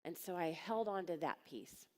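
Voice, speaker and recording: A woman's voice: lowish voice, expressive, normal speed, darkish tone. Blunt woman speaking in a reverberant hall. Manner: blunt, direct storytelling, acting out quoted voices. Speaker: coaching business speaker. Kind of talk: live conference talk. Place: large conference hall.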